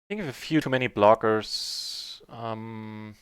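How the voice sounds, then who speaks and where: A man streaming live poker, chatting through his hands in a mutter that breaks into excited shouts on big wins. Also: on the low side, unhurried, clean tone, no room sound, studio quality.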